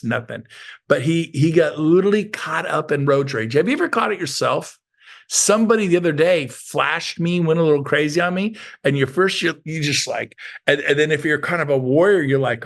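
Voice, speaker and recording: A man giving a lively motivational training talk to an online group, asking the chat questions and acting out quoted voices. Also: mid-range voice, normal speed, gravelly. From Sacramento area, US. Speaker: real estate coach.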